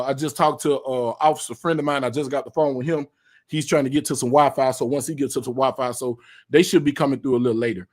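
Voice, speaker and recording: A man hosting a casual live stream, talking in a loose, slangy way full of fillers. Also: medium pitch. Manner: laid-back, slangy, filler-heavy talk. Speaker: livestream host.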